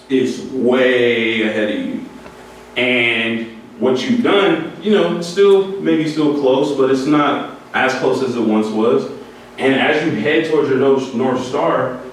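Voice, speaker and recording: A man giving an earnest, candid motivational talk to music students, often breaking into laughter. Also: mid-range voice. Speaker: speaker addressing music students. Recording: echoey hall, voice from far off, faint noise.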